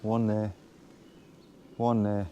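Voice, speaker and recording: A man, chatting casually in a relaxed, rambling way as he vlogs from a woodland wild camp. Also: on the low side, drawn-out words, dull audio, slight background noise. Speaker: vlogger. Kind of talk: casual outdoor vlog talk. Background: birds and woodland ambience.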